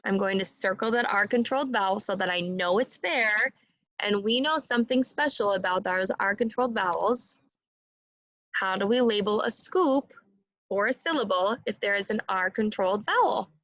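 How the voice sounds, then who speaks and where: A woman teaching a phonics lesson to young children, speaking slowly and clearly and modeling sounds for the class to repeat. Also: medium pitch, a bit bright, no room sound.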